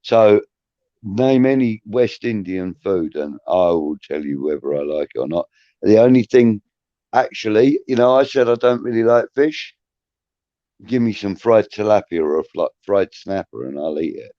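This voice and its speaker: A man with a fairly low voice tells a chatty, rambling story on a casual fan stream. The sound is dry and close, a little dull and muffled. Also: expressive, normal speed, warm tone, no room sound. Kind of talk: casual chat.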